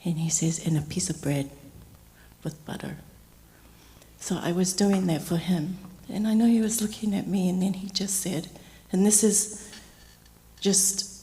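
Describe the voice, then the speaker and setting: A middle-aged woman speaking gently and slowly as she shares a heartfelt memorial tribute for her uncle. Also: on the low side. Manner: gentle, slow and heartfelt storytelling. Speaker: niece giving a eulogy. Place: memorial service hall. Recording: long hall reverb.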